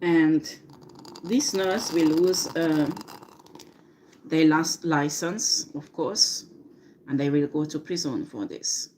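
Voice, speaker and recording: Slow, low-voiced woman doing a tarot reading. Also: a little mellow, a little hiss or hum. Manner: slow, hesitant, many fillers. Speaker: tarot reader. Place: home with a dishwasher running.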